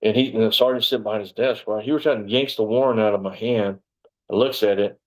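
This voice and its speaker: Rambling man, lowish voice. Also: fairly even intonation, quick pace, rough recording. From Texas. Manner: rambling, digressive, many "you know" fillers and repeats. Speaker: interviewee, former police officer. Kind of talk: casual storytelling interview.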